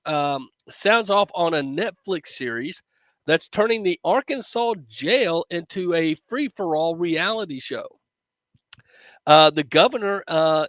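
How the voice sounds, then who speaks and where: A man's voice: on the high side, fairly bright tone, no room sound. A man giving casual commentary to his viewers, loose and full of fillers.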